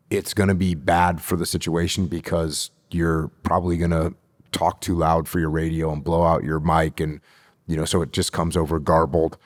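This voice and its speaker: Guest: middle-aged man from the United States, very low voice, emphatic and repetitive, dry close sound. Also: dry recording. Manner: emphatic, repeats key phrases for stress. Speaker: guest, retired military officer. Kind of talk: podcast interview.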